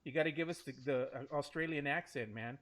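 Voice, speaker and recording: A man hosting a casual sports podcast in a studio, loud and joking. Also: a little high, quick pace. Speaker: podcast host.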